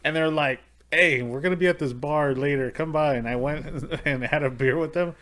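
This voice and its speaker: A man's voice: fairly high pitch, normal speed, fairly bright tone. A man co-hosting a podcast, chatting casually about sports, often repeating words and correcting himself. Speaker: podcast co-host. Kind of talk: casual chat.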